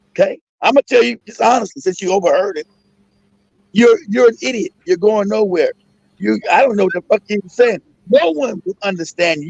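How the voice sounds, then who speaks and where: A man's voice: sits high, fairly quick, creaky, breathy edge, no echo. A middle-aged man hosting a casual talk show, ranting emphatically with plenty of profanity and repetition. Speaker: host. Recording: dull lo-fi sound.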